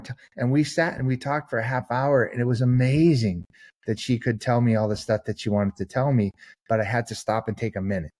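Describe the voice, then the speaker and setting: A man's voice: mid-range voice, fairly quick, darkish tone. A man, a guest author on a podcast, giving long earnest answers and acting out the people in his stories. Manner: earnest storyteller, acts out quoted people. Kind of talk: conversational interview answer.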